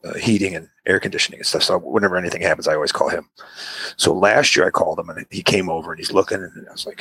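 A man's voice: low-pitched, steady tone, very fast, vocal fry, bright, forceful tone, breathy edge. A man in a casual chat, telling a rambling, laid-back story and acting out what people said.

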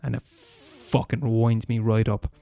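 A man's voice: lowish voice, little pitch movement, takes it slowly, creaky, mellow. A man from Limerick with a Limerick Irish accent, ranting in a comedic monologue, profane and exasperated, often restarting and repeating himself. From Limerick, Ireland.

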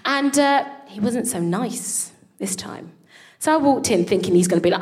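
A woman co-hosting a live show, telling a comic story on stage in an animated way, swearing freely and laughing through her lines. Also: medium pitch, normal speed. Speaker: co-host. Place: live venue with an audience.

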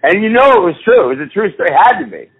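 A man's voice: high-pitched, big pitch swings, very fast, husky. A man telling rambling, profane stories in a casual chat with friends. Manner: swearing, rambling storyteller. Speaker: podcast co-host. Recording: tinny phone-like sound.

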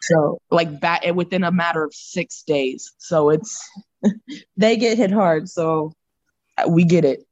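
A woman's voice: lowish voice, slow pace, darkish tone, no room sound, muffled recording. A woman chatting as a podcast guest, laughing often and using casual slang. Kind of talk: casual chat.

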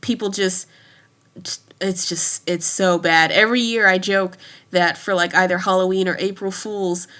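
Bright-voiced chatty woman in her thirties. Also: fairly low pitch, fairly even intonation, normal speed. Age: 30s. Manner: chatty, laughs often between thoughts. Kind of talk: casual chat.

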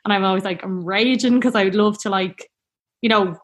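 A woman's voice: mid-range voice, brisk. A woman telling a personal story in a casual, rambling, heartfelt way. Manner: chatty, rambling, heartfelt, peppered with "like".

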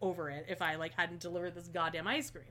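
A woman telling a story in casual chat, animated and swearing freely, acting out everyone she quotes. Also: fairly low pitch, fast.

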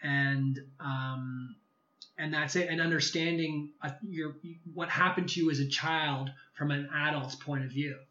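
Brief: male guest, slightly high voice, animated storyteller, roomy lo-fi sound. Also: a little slow. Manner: animated, acts out quoted dialogue. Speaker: podcast guest. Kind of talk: casual storytelling interview. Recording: echoey room, slightly dull sound.

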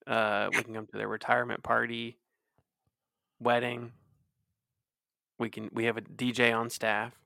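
Gravelly bright-voiced man in his thirties. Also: mid-range voice, completely flat delivery, measured pace, long pauses, no room sound, clean studio sound. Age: 30s. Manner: rambling, lots of fillers and restarts. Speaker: podcast co-host. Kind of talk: casual chat.

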